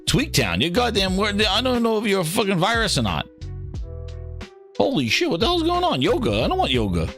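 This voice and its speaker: A man hosting a gaming show, talking in casual, opinionated commentary. He swears freely, mocks other people in put-on voices and gets excited as he reads. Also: high voice, fairly quick, faint music behind. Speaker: gaming podcast host.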